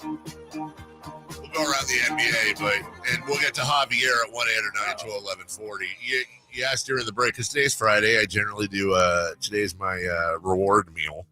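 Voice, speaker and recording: A man's voice: lowish voice, fairly even intonation, moderate pace, over loud music. A man hosting a sports radio show, telling a rambling story in casual chat. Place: radio studio.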